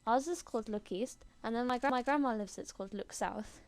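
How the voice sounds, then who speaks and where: A chatty English woman rambles along in a bright, slightly high voice, full of fillers and little giggles. She talks casually into a built-in computer microphone, as if leaving a long voice note for a friend. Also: a little fast. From England. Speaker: video blogger sending an audio message.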